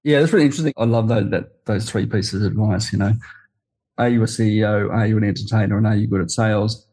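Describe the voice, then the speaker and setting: A man's voice: lowish voice, steady tone, fast talker, warm tone. A man hosting a podcast interview, talking casually, laughing often and checking in with "right?" and "you know". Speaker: podcast host.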